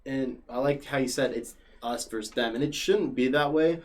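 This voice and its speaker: A man's voice: medium pitch, moderate pace. A young man chatting casually as a podcast guest, telling stories with lots of fillers. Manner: animated storyteller, many fillers like "like". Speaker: podcast guest and former regular.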